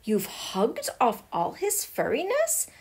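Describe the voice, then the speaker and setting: A woman's voice: on the high side, big pitch swings, takes it slowly, a little mellow, breathy edge, heavily acted. A woman reading aloud and voicing a small, lonely young witch girl in a wistful, sighing storybook voice.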